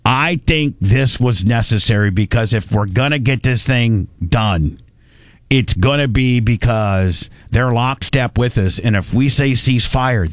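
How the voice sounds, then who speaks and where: A man's voice: mid-range voice, no echo. Blunt, mocking talk radio host, male. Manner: blunt, mocking, rambling with restarts. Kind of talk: loose opinionated talk radio banter.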